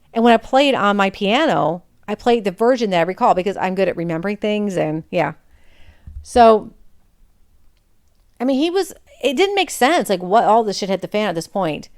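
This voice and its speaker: A woman's voice: mid-range voice, clear, resonant tone, no echo, clean studio sound. A woman in her forties, a podcast host, telling a personal story in a rambling, digressive way with many restarts.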